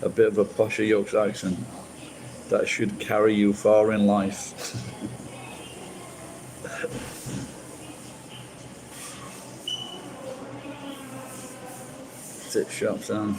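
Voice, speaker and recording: A man from Sheffield, England, with a Sheffield accent chats casually with viewers on a livestream, rambling and restarting frequently. His voice is fairly low, monotone, and moderately paced, with a noisy background.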